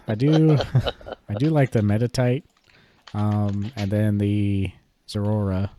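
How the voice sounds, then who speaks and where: A man's voice: lowish voice, slow pace, no room sound. A man co-hosting a podcast, chatting casually and rambling a bit with lots of fillers. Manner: relaxed, rambling, many fillers and hedges. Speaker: podcast co-host. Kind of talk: casual chat about collectible cards.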